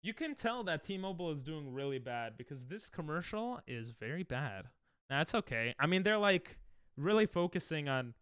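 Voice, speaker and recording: A man's voice: on the high side, big pitch swings, moderate pace, fairly bright tone, clear, resonant tone, no echo, clean studio sound. A man streaming, reacting to commercials in casual, joking chat with his viewers, often laughing.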